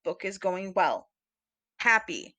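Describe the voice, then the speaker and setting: Bright, giggly woman podcaster. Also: medium pitch, very animated, slow pace, no room sound. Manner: rambling, giggly, many fillers. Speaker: podcast co-host. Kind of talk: casual chat about books.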